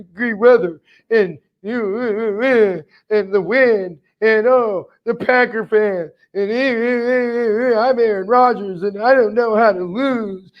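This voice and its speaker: A man's voice: extremely high pitch, lo-fi sound, pitched above the performer's own voice. A man doing a mocking impression of a whiny, stammering star quarterback who can't accept losing. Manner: whining, stammering mockery.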